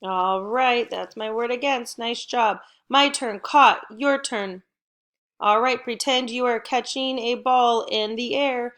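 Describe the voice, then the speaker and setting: A middle-aged woman, her voice a little high and a bit bright, teaches first graders in a recorded home lesson. She keeps an upbeat, encouraging manner, talking slowly and clearly for the children.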